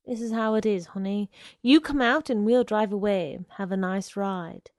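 A woman's voice: mid-range voice, normal speed, no echo, studio quality, lightly acted. A woman voicing a menacing, wheedling young man. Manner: coaxing, then snapping; slangy. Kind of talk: dramatic story reading.

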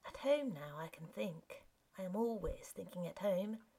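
A shabby middle-aged countryman, read by a woman, curt and brooding, his words choked. Read slowly and low-key, close to the reader's own voice. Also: expressive, warm tone, husky, full character voice. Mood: shaken.

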